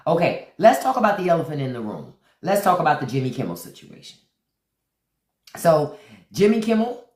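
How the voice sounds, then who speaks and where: A woman hosting a livestream, talking bluntly and preachily, repeating lines for emphasis and greeting viewers by name. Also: deep voice. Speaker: live stream host. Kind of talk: livestream commentary. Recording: echoey room.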